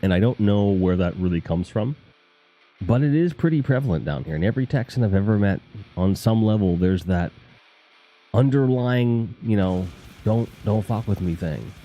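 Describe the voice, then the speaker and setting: A man's voice: on the low side, animated, normal speed, mellow, muffled recording. A man hosting a casual live stream, rambling and joking with crude humor while talking to his chat.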